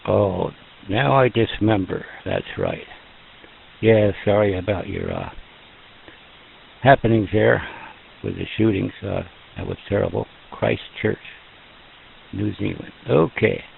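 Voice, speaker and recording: Folksy net-control operator, man, slow and gravelly, tinny radio sound. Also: lowish voice, big pitch swings, a little hiss or hum. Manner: folksy, joking, slow and drawn out. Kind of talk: casual radio net chat.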